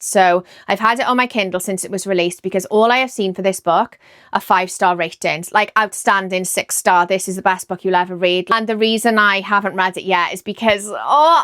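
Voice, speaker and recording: A woman with a Welsh accent, chatting excitedly about books she plans to read and often second-guessing herself. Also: mid-range voice, dry recording, clean studio sound. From Wales. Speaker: book vlogger. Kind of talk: casual chat about books.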